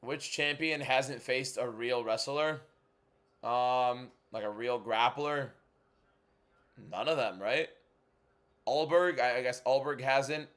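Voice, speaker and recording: Young male streamer, mid-pitch, casual and chatty, answers chat with blunt opinions at a desk mic at home. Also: a bit bright. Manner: chatty, frank, quick opinions, reads viewer questions aloud. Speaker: livestream host.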